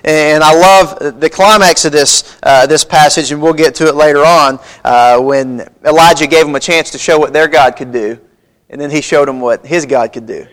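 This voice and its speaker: High-voiced preacher man. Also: normal speed, fairly bright tone. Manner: folksy preaching, reads scripture aloud, rising emphasis. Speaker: pastor. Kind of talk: sermon. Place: church sanctuary.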